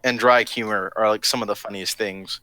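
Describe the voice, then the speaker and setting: A man's voice: lowish voice, fairly even intonation, a little fast, bright, forceful tone, dry recording. A man hosting a live stream chat, talking in a rambling, digressive, cheerfully provocative way. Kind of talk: casual chat.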